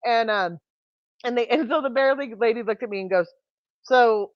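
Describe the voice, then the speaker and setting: A woman telling a story in casual chat, animated and laughing as she talks. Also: fairly high pitch, fast talker, dry recording. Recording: dull lo-fi sound.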